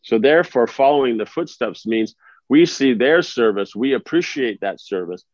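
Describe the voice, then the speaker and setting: A man giving an informal religious talk at a mid-range pitch. He speaks conversationally and often checks that his listeners are following. The recording is dry and a little dull, as if made on modest equipment. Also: expressive, normal speed, darkish tone, dry recording. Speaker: spiritual teacher.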